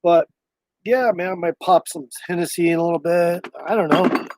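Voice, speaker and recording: A man's voice: high voice, normal speed, noisy background. Profane rambling male livestreamer. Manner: loose, profane, meandering talk. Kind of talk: casual rambling livestream chat.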